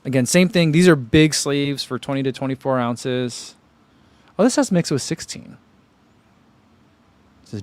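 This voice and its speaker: A man's voice: mid-range voice, lively intonation, a little slow, pauses often, a little mellow, no echo. A man hosting a running channel, chatting casually on a livestream, rambling in an easygoing way with many fillers while reading viewer comments. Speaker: running channel host reading live chat.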